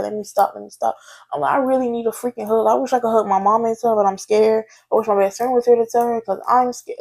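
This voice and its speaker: Young woman, casual storytime vlog, gravelly edge to the voice, candid and chatty, talks straight to the viewers. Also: mid-range voice, darkish tone. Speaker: vlogger.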